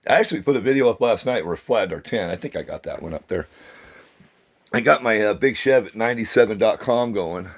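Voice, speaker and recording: A middle-aged man with a husky, somewhat low voice, rambling on camera in a casual vlog. He meanders from one thing to the next with grumbling asides, recorded outdoors. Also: lively intonation, fast talker. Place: outdoors near a dumpster.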